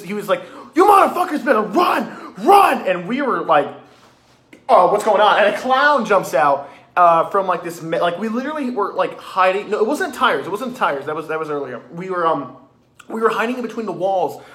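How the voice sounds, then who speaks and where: Casting: excitable male vlogger, high, very lively voice, swears freely. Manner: excitable, swearing, animated retelling with restarts. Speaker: vlogger reviewing a haunted attraction. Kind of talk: excited casual review.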